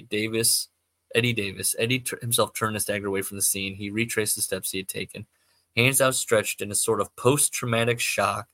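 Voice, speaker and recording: Rambling man with a bright voice. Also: fairly low pitch, no echo. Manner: rambling, stumbling, self-correcting. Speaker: podcast host. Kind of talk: reading amateur fiction aloud, with asides.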